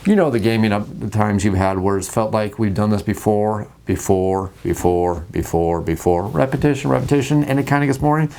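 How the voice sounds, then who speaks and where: A man hosting a casual talk about tabletop games, jokey and animated, acting out scenes at the table. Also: fairly low pitch, fast, gravelly, hardly any pauses. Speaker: host.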